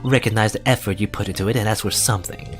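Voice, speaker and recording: A man's voice: fairly low pitch, fairly even intonation, racing, soft background music, close to an everyday voice. A man voicing a haughty young female prosecutor in a game, talking imperiously.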